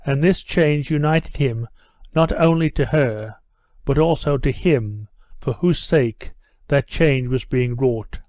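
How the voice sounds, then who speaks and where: A man narrates an audiobook in an even, measured way. His voice is slightly high for a man. The recording is dry and close. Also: no room sound. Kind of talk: scripted narration.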